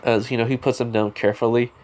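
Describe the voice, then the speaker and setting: A man's voice: medium pitch, flat delivery, fast talker, a little mellow. A man casually telling a spoken fan story, rambling with lots of fillers. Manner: rambling, heavy use of "you know" and "like" fillers.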